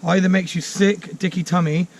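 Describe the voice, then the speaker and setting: Brief: forager, man, higher-pitched, upbeat and chatty, recorded outdoors. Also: level tone, normal speed. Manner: enthusiastic, chatty, many fillers. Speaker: mushroom forager and course teacher. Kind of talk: casual outdoor explanation. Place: outdoors in woodland.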